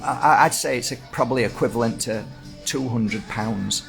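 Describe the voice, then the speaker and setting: A man's voice: medium pitch, moderate pace, vocal fry, a bit bright, soft background music. A man in his fifties with a Yorkshire accent, casually rambling through anecdotes full of reported speech. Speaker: host. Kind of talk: casual storytelling chat.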